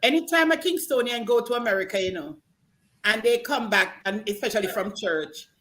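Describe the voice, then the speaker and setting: A woman with a Jamaican accent, telling a story slowly in a casual chat. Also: on the high side, expressive, fairly bright tone.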